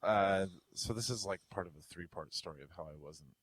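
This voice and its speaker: A young man telling a story on a casual podcast, swinging between an easy mid-range voice and loud, climbing bursts when he acts out what people said. The sound is dry and close, with no room around it. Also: low-pitched, brisk, no echo, poor audio. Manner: animated storyteller, acts out quotes with loud rising outbursts. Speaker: podcast co-host.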